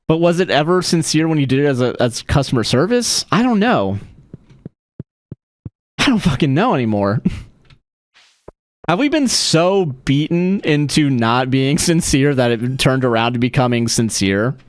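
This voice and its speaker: A man's voice: mid-range voice, big pitch swings, moderate pace, no echo, clean studio sound. A man livestreaming a game, chatting casually in a rambling, profane way and laughing often. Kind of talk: casual chat while streaming a game.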